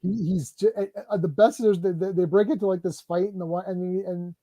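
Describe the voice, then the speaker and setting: A man's voice: sits high, fairly quick, no room sound. A man hosting a livestream, chatting casually about movies, rambling with lots of fillers and acting out scenes in a raised voice. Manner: rambling, animated, acts out movie lines in a raised voice. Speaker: stream host.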